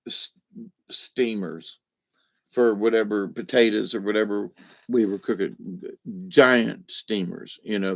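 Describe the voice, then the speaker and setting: A man telling stories in a folksy, rambling way, often chuckling, in a casual monologue. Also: on the low side. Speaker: vlogger. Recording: dull lo-fi recording.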